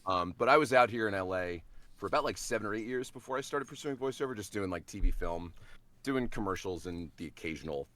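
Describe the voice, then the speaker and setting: A man, a voice actor, chatting on a call in a relaxed, wry way. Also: lowish voice, fast talker. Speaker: voice actor guest. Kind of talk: casual video-call chat.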